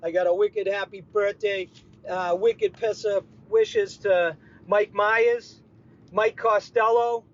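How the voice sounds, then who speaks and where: A man's voice: high-pitched, fairly even intonation, takes it slowly. A man with a Boston accent giving a folksy, rambling radio update as a regular contributor. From Boston area. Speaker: weekly contributor. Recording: dull lo-fi remote recording.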